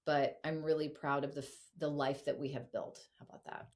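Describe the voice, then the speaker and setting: A middle-aged woman talks as a podcast guest, loose and casual. She gets animated, swears now and then, and fills her sentences with "like". Her voice sits a little low for a woman. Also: a little fast. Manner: animated, filler-heavy, swearing. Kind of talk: casual interview chat.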